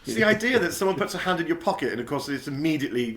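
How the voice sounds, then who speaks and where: Bright, wildly expressive man. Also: fairly high pitch, racing. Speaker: podcast guest. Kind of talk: casual comedy podcast chat.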